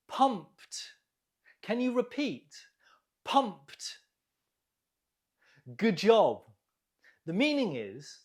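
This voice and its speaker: English teacher drilling vocab super slowly, voice bounces up and down a lot, cheers you on. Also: mid-range voice. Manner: slow, deliberate drilling with encouraging praise. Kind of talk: online vocabulary lesson.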